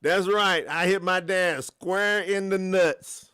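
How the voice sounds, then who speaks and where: A man in his thirties from the US South with a Southern accent, hosting a livestream and chatting with his viewers in an animated way. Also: sits high, takes it slowly, clean tone. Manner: animated, laughing, talks to the chat. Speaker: life coach, livestream host. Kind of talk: casual livestream chat.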